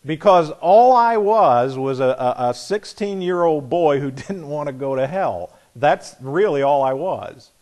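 A middle-aged man preaching a personal testimony, telling his story with swings from loud excitement to hushed quiet. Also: a little high, unhurried, few pauses. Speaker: pastor. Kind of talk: sermon testimony.

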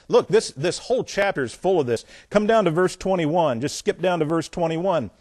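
A man's voice: a little high, lively intonation, moderate pace, few pauses, darkish tone. A man preaching a sermon. He reads scripture aloud with emphasis and drops into blunt, scornful, plain-spoken asides. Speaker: pastor.

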